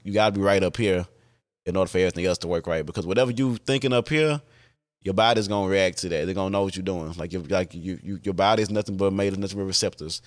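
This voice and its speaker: A man hosting a podcast, talking alone in a casual, candid way, with many fillers and restarts and casual swearing. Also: low-pitched. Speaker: podcast host.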